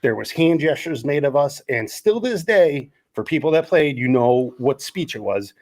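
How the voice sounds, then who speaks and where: A middle-aged man co-hosting a podcast, telling lively stories and acting out the quotes. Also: on the high side, moderate pace. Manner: animated storyteller acting out quotes. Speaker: podcast co-host. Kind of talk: casual storytelling chat.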